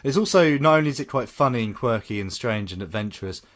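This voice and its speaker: Lively man co-hosting a film podcast. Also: mid-range voice, fast talker, no room sound. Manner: animated, with lots of ums and laughs. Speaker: podcast co-host and film reviewer. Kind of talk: casual chat and scripted review.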